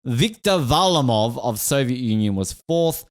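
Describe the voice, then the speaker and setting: A man's voice: mid-range voice, expressive, moderate pace, no echo, clean studio sound. Guy hosting a sports podcast, chatty and jokey, voice jumps all over the place. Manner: rambling, jokey, laughs often. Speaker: podcast host. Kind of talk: casual sports podcast chat.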